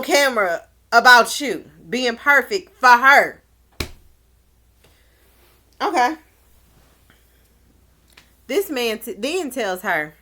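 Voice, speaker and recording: A woman's voice: fairly high pitch, lively intonation, very slow, pauses often, bright, forceful tone. A woman recapping a dating show in a casual vlog, blunt and exclaiming, with slangy asides. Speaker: show reviewer.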